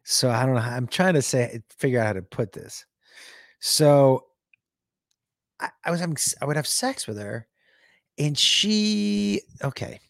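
A man hosting a livestream, telling a story to his chat in a casual, halting way full of restarts and fillers. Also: mid-range voice, lively intonation, vocal fry, fairly bright tone, no echo, clean studio sound. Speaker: livestream host.

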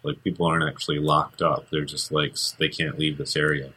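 With a rumbling low, level voice that's pushed, bright and slightly rough, this man co-hosts a podcast at a fairly quick clip. The chat is casual, rambling and jokey, full of fillers.

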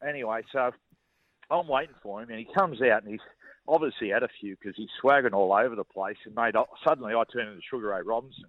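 A man's voice: medium pitch, quick pace, no room sound. A middle-aged Australian man, a former rugby league player, telling stories as a radio guest in a colloquial, chuckling way, stumbling over and repeating words. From Newcastle, Australia. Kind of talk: casual radio interview storytelling. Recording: dull, muffled broadcast audio.

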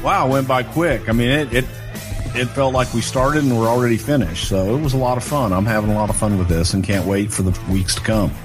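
A man's voice: mid-range voice, brisk, music in the background. Older man spinning a road story. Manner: animated storyteller, slips into other people's voices for quotes. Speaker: podcast co-host and storyteller. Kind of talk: casual storytelling chat.

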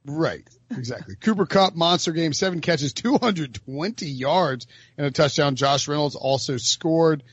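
A man's voice: on the high side, husky, no room sound, lo-fi sound. A man co-hosting a podcast, joking around and reading off game stats. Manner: joking, reads stats in a quick list. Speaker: podcast co-host. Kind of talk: casual sports chat.

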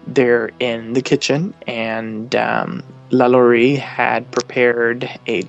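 Male podcast co-host, unhurried, gravelly tone, faint music behind; casual, rambling episode recap with quoted lines. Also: medium pitch, level tone, dull audio. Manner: meandering retelling, quotes the characters' lines.

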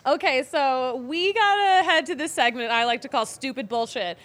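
A woman hosting a casual sports chat show, bubbly and quick to giggle. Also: sits high, fairly bright tone. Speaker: host.

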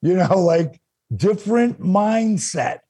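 Raspy gravelly man, animated storyteller, fairly high voice, dry close mic. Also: slow, dry recording. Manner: animated, acts out quotes with big pitch jumps. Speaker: guest storyteller. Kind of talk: casual storytelling chat.

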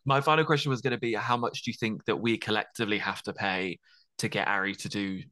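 A man's voice: on the low side, steady tone, fast talker, pushed and bright. A man hosting a podcast interview in casual chat, joking at his own expense and apologizing playfully. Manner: jokey, self-deprecating, apologetic asides. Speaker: podcast host.

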